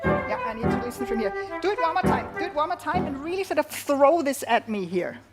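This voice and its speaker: A woman's voice: sits high, very animated, a little fast, over loud music. A woman teaching a flute masterclass, encouraging her student and singing rhythms aloud, often checking in with "yeah?". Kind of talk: masterclass coaching.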